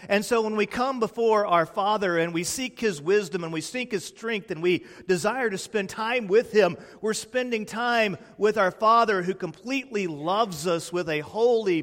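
A pastor, preaching a sermon with slow emphatic pauses and a hush at key lines. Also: male voice, high-pitched, in a large hall.

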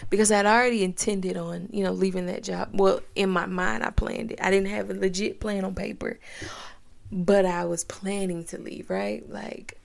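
Expressive woman podcast host, gravelly edge. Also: medium pitch, normal speed. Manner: expressive, emotional, animated retelling. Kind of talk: personal storytelling podcast.

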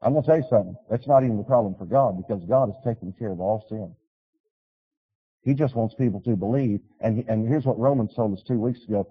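Husky-voiced man preaching a sermon. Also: lowish voice, fast talker, in a large hall, dull audio. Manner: storytelling preacher, swings from loud urging to quiet pleading. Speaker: pastor.

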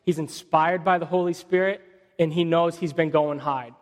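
A man's voice: on the high side, fairly even intonation, normal speed, long reverb tail. A man preaching a sermon as a pastor, talking casually and reading scripture dramatically.

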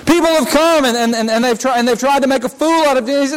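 A man's voice: extremely high pitch, fast, clean tone. A man preaching a sermon in a church, acting out the scenes he describes. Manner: dramatic preaching, acts out scenes. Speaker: pastor. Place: church sanctuary. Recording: long hall reverb.

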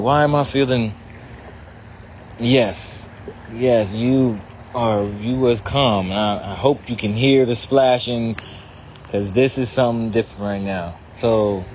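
Teary man praying slowly on a pier. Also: mid-range voice, highs cut off, a little hiss or hum. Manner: profane, emotional, talking to a spirit. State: teary, on the verge of crying. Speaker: vlogger leading a prayer. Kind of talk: emotional outdoor prayer vlog. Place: outdoors on a pier by the water.

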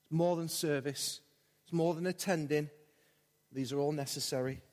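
In a big church hall, an Englishman preaches with passion and plenty of repetition. His pitch sits fairly high, his intonation stays fairly even, and he speaks at a normal speed with a darkish tone, all wrapped in long church reverb.

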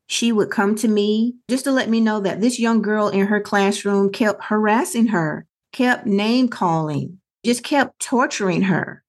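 A middle-aged woman co-hosts a casual podcast, her voice sitting at a medium pitch. She tells stories earnestly and acts out the other people's lines as she goes. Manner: earnest storytelling with quoted dialogue. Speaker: podcast co-host.

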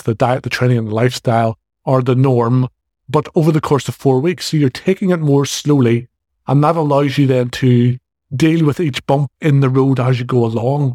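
A man's voice: medium pitch, a little mellow, no room sound. Man, 40s, Northern Irish accent, podcast host, fitness coach, casual and direct, dry close recording. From Northern Ireland. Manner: casual, direct, jokey asides. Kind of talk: solo podcast talk.

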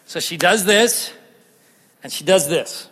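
A man with a high voice preaches a sermon in a large church hall. He is out of breath and animated, jumping from loud bursts to hushed lines. His voice trails off in a long, ringing reverb. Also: slow, slightly rough. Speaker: pastor.

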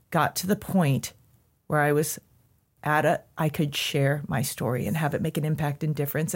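A woman's voice: low voice, a little mellow. A woman guest on a podcast, telling a personal story in a heartfelt way, at times tearful.

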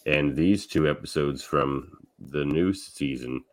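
Very deep-voiced male podcast host. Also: slow pace. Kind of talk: casual chat.

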